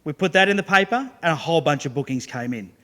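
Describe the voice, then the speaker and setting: High-voiced man working a seminar crowd. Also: fast. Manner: lively, joking, audience-engaging. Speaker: business speaker. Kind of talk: live seminar talk to an audience.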